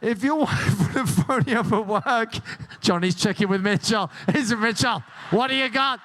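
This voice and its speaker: A man's voice: high-pitched, moderate pace, a bit bright, slight background noise. A man hosting a game show, joking and teasing the contestants and laughing often. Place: cruise ship show lounge.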